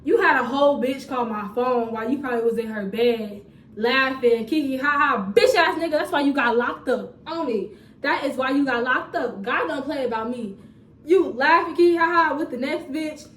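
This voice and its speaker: A young woman telling a storytime vlog in a casual, animated, profane way with laughing asides, filmed on a phone. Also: sits high, moderate pace. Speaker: storytime vlogger. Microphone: phone camera. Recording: roomy phone recording from a distance.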